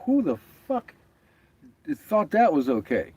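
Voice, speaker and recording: A man's voice: high voice, big pitch swings, slow pace, a little mellow, breathy edge. A man chatting casually on his vlog, telling stories with lots of swearing and laughter, acting out what others said. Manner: profane, laughing storyteller, quoting others. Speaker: vlogger. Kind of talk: casual chat.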